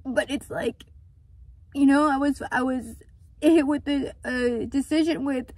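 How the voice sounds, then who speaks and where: A woman's voice: high-pitched, fairly even intonation, unhurried, darkish tone, no room sound. A woman vlogging outdoors about running a small business, talking in an earnest, vulnerable way and repeating words for emphasis. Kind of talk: emotional confessional vlog.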